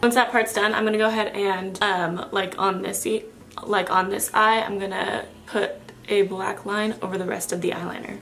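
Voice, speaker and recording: A young woman narrates a makeup tutorial while she has a cold, her voice raspy and nasal. She talks in a chatty, easygoing way, often correcting herself and apologizing. Soft music plays faintly under her voice. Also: medium pitch, steady tone, normal speed. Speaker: makeup vlogger.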